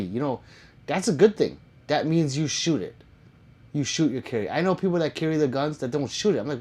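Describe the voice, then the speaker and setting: A man hosting a casual live stream, reading out his viewers' comments and riffing on them with loose jokes and the odd curse. His voice sits a little high for a man. It swings widely up and down as he reacts. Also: expressive, brisk, long pauses, a little mellow, husky. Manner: reads viewer comments aloud, joking and swearing.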